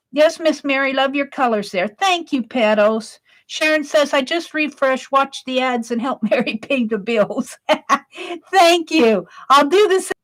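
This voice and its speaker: A woman's voice: sits high, a bit bright. A woman hosting a casual live stream, chatting and reading viewers' comments aloud, laughing often.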